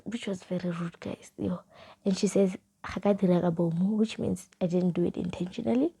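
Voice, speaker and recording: Husky low-voiced South African woman storyteller. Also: steady tone, brisk. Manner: reads old chat messages aloud with punctuation, soft half-whispered delivery. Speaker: vlogger. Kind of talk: casual storytime.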